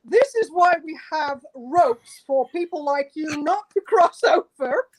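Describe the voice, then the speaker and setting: Woman quoting a stern male museum curator, indignant and scolding, high-pitched delivery. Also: lively intonation, slow pace, low-quality recording.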